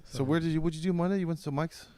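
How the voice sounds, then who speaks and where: Man in his forties, mellow dark voice, dry studio sound, joking podcast host. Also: a little high, rapid-fire, smooth, no room sound. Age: 40s. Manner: dry, joking, steers the talk. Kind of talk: casual chat.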